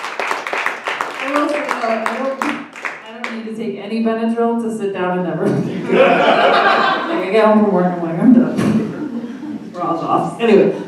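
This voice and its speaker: A woman's voice: mid-range voice, fairly even intonation, normal speed, long pauses. A woman hosting a live storytelling night, chatting with joking asides before introducing the next storyteller. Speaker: host. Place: comedy club stage. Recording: echoey room from far off, crowd and noise.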